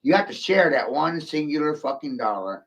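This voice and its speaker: Gravelly guy ranting, sharp tense voice, swears a lot and mocks everyone. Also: a little high, animated, normal speed. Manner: profane, mocking, drawling. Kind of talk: rambling solo rant.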